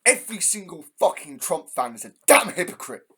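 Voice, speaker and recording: A man's voice: fairly high pitch, very animated, a little fast, bright, forceful tone, slightly rough. An English man hosting a heated, profane ranting monologue. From England. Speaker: host.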